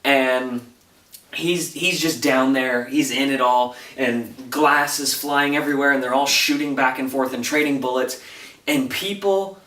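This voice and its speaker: A man casually recapping a TV episode as a reviewer, retelling it in an animated, breathless way. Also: mid-range voice, unhurried, distant mic. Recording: roomy echo, voice off-mic.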